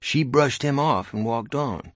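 A man's voice: mid-range voice, unhurried, dry recording. A man narrating an audiobook in a dry, wry storytelling manner, close to the mic. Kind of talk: scripted narration.

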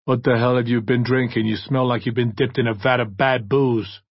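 Man doing a cold vigilante, quiet flat hard voice, husky, dry and dull audio. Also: mid-range voice, moderate pace, dry recording.

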